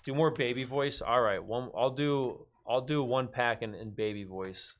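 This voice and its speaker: A man's voice: medium pitch, normal speed. A young man hosting a live card break, chatty and laughing often as he calls out cards. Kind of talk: casual live-stream chat.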